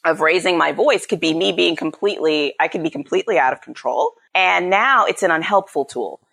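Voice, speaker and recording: A woman in her thirties, a parenting coach in a podcast interview, acting out quotes with big pitch jumps. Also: animated, a little fast, gravelly, fairly bright tone, slightly rough.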